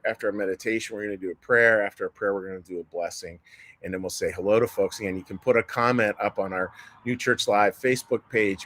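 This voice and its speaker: A man's voice: on the low side, fairly bright tone, rough recording. A man in his fifties giving a sermon as a pastor, in a folksy manner with frequent restarts and repeated words. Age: 50s.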